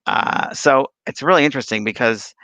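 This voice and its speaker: Hosting a casual spiritual talk show, a man who works as a medium rambles through anecdotes and viewer questions. His mid-range voice is bright and forceful at a moderate pace, captured with a dull, dry, lo-fi sound.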